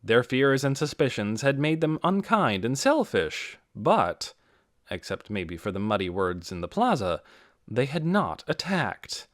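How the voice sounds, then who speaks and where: A man narrating an audiobook in a measured, dramatic storytelling manner. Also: mid-range voice, sing-song, a bit bright, dry recording, clean studio sound. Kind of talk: scripted narration.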